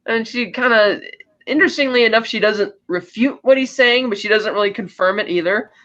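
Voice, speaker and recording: This podcast co-host, a man whose voice is notably high and fairly bright, recaps a movie's story casually and fairly quickly. His telling is animated, full of false starts where he restarts mid-sentence, over slightly muffled lo-fi audio.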